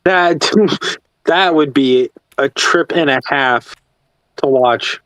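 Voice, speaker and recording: A young man in casual chat, laid-back and quick to laugh. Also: medium pitch, fairly bright tone, dry recording, poor audio.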